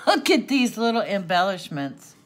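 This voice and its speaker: An older woman who hosts a craft channel opens a gift in a casual unboxing chat, gushing, tearful, and sniffling, with frequent gasps and laughter. Her medium-pitched voice has a sing-song quality and a slightly slow pace.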